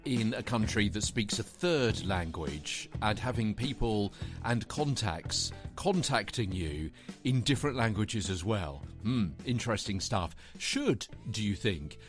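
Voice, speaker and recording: A man hosting a daily podcast, talking casually and reading out quotes, with plenty of fillers between them. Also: fairly low pitch. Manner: reads out quotes with lively asides and fillers. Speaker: podcast host. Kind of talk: casual solo podcast commentary.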